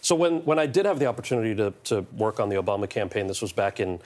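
Man in his forties, talk show guest, rapid pace, lively storytelling. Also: lowish voice. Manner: quick, animated storytelling with laughs. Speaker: guest actor and author.

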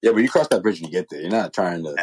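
A man's voice: low voice, lively intonation, racing, a little mellow, breathy edge, dry recording, poor audio. A man co-hosting a casual sports talk show, slangy, profane and joking. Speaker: podcast co-host.

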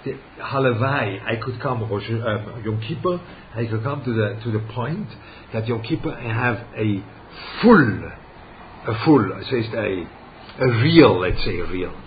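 A man giving a religious lesson, halting and searching for words as he poses rhetorical questions. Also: medium pitch, slight background noise. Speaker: rabbi teaching Torah. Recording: dull lo-fi recording.

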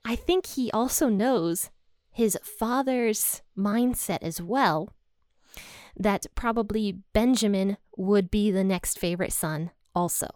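A woman's voice: medium pitch, takes it slowly, a little mellow, no echo, clean studio sound. A woman hosting a podcast, casually retelling a Bible story and thinking aloud as she goes. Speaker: podcast host.

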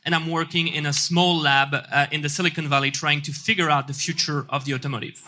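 A man giving a short, earnest business pitch, slightly halting. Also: fairly even intonation, bright, forceful tone. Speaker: corporate lab employee giving a pitch.

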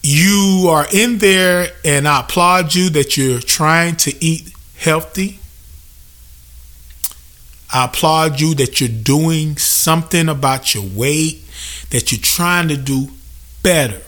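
A man's voice: a little high, takes it slowly, a bit bright. A young man hosting a podcast, venting in a profane, emphatic comedic rant and mimicking customers. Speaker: podcast host.

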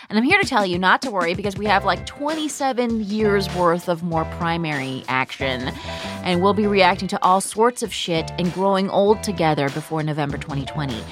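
A woman hosting a comedy podcast in casual chat, animated, laughing often and swearing freely. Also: fairly low pitch, fairly quick, music in the background. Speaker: podcast host.

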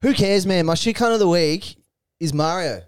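A man's voice: high voice, normal speed, clean tone, dry recording, studio quality. A young man co-hosting a podcast, ranting in crude mock outrage with lots of swearing. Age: young adult. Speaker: podcast co-host. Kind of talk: crude casual banter.

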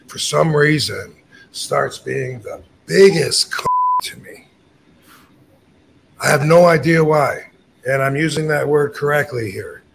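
A man's voice: mid-range voice, gravelly, a little hiss or hum. A middle-aged man telling a story in casual chat, blunt and profane, acting out the lines he quotes. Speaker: podcast host telling a story.

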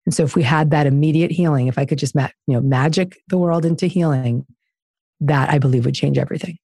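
A woman's voice: low-pitched, fast talker, gravelly, mellow, breathy edge, dry recording, studio quality. A woman guest author talking in an interview, emphatic and preachy in her delivery. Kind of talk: conversational interview.

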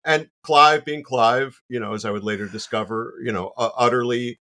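A man, a guest on the show, telling an anecdote in a casual, animated way with self-deprecating asides and lots of "you know.". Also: mid-range voice, moderate pace.

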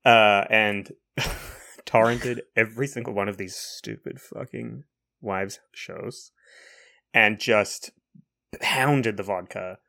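A man's voice: lowish voice, fairly even intonation, takes it slowly, creaky, pushed and bright. A man from New Zealand co-hosting a casual podcast, with a New Zealand accent tinged North American, wry and self-mocking, swearing freely and often laughing. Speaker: podcast co-host. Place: home over a call.

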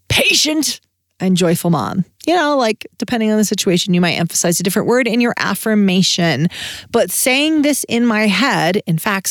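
A woman's voice: mid-range voice, no echo. Dry close-miked woman podcast host. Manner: candid, conversational, encouraging. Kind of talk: solo podcast talk.

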